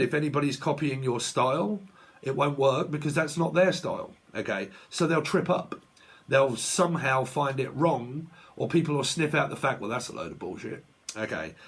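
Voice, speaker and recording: Tarot guy ranting into his webcam, husky voice, swears a lot. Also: mid-range voice, moderate pace, a bit bright. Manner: blunt, sweary, laughs often. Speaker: tarot reader. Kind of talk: casual vlog rant.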